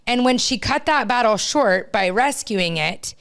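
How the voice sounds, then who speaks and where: A woman's voice: fairly high pitch, lively intonation, measured pace, gravelly, a bit bright, smooth. A woman co-hosting a podcast, a youth coach telling a heartfelt story in a casual, earnest way with lots of fillers. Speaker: podcast co-host.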